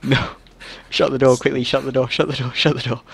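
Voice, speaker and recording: A man's voice: mid-range voice, flat delivery, brisk, gravelly, fairly bright tone, slightly rough. A young man teasing his friend during co-op gameplay, playful and loose. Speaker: gamer. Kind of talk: casual co-op gaming commentary.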